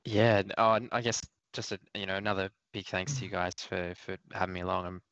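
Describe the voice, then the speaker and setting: Sex: man. Pitch: very low. Pace: quick. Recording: dry, muffled remote line. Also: fairly even intonation, a bit bright, no echo. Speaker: guest. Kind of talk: casual chat.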